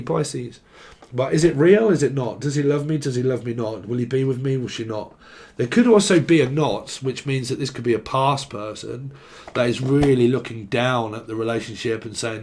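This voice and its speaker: A man at an ordinary pitch talks through a tarot reading in a loose, rambling way. He jumps into short acted-out voices and drops curse words without a second thought. The whole thing sounds offhand and playful, not scripted. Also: normal speed, a little mellow. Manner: rambling and playful, acts out quoted voices, swears freely. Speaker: tarot reader.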